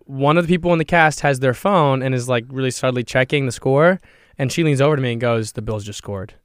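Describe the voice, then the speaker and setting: A man's voice: medium pitch, fast, clean tone, no room sound, studio quality. A young man co-hosting a casual sports podcast, telling stories animatedly and acting out voices. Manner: animated storyteller, acts out voices. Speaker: podcast co-host. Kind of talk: casual chat.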